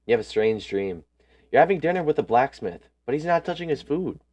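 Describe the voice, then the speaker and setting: A man's voice: medium pitch, lively intonation, a little fast, darkish tone, rough recording. A man reading a story game's text aloud, breaking in with casual slangy asides.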